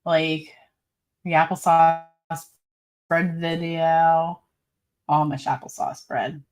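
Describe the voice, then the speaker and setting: Lady chatting on a live stream, lowish voice, rambles along reading comments and laughs a lot. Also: level tone, slow, darkish tone. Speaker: livestream host.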